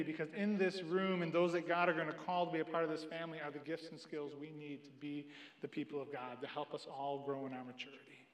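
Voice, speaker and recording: A young adult man preaching a sermon, telling a personal story in an earnest way and quoting others in lively asides. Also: a little high, brisk. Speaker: pastor. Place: church sanctuary. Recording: echoey church room.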